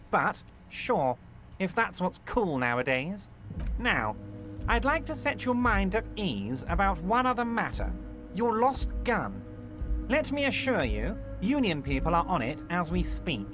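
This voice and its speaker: A man voicing a fawning middle-aged union boss who talks in an oily, overly reassuring, theatrical way. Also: high-pitched. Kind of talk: fan voice acting of a game.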